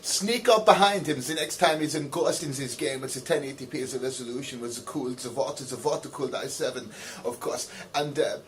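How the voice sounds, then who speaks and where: A man answering viewer letters in a rambling, mock-earnest way, filling every pause with "of course" and putting on pompous sincerity. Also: mid-range voice, fairly bright tone. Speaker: comedy video host reading letters.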